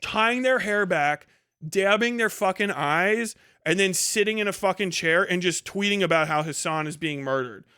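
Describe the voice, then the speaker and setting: A man's voice: high voice, expressive, bright, forceful tone, clear, resonant tone, no echo, clean studio sound. Man streamer on a profane, mocking rant. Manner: fast bursts and sudden drawn-out words. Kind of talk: livestream rant.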